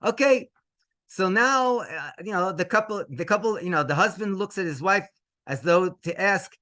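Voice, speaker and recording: A man telling a story as a rabbi, his voice sitting a little high and swinging widely up and down. He speaks with lively emotion, drops in Hebrew words and chuckles as he goes. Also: moderate pace. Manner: animated, mixes in Hebrew phrases, laughs between lines. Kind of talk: storytelling to an audience.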